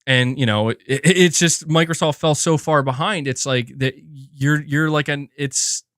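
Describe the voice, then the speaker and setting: A man hosting casual gaming commentary, animated and profane, restarting sentences and slipping into mocking impressions. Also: a little high, measured pace, dry recording, clean studio sound.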